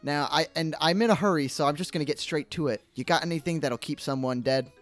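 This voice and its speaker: Dude playing a sly smooth-talking adventurer looking to buy poison. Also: male voice, a little high, quick pace, fairly bright tone, faint music behind, lightly acted. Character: brisk man adventurer shopping for poison.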